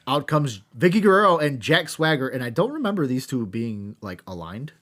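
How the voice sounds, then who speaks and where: A man's voice: medium pitch, big pitch swings, moderate pace, a bit bright. A man co-hosting a podcast, recapping a wrestling show with sarcastic asides and lots of swearing. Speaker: podcast co-host.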